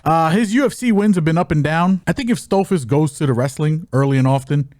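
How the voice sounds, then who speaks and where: A man's voice: a little high, a little fast, a little mellow, no room sound, studio quality. A man co-hosting a podcast, casually breaking down fight picks, swearing freely and laughing often. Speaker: podcast co-host. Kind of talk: casual sports betting chat.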